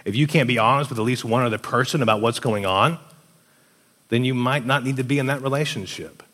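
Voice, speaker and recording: A man's voice: medium pitch, brisk. A young man giving casual relationship advice, telling stories and acting out the voices of people he quotes. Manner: animated storyteller, acts out quoted voices. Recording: long hall reverb.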